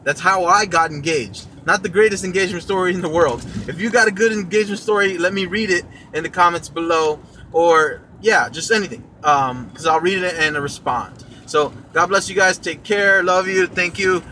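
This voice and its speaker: A man's voice: high voice, moderate pace, pushed and bright, a little hiss or hum. A young man hosting his own vlog, telling a personal story casually and rambling with lots of fillers. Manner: rambling, with many fillers and restarts. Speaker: podcast host and vlogger.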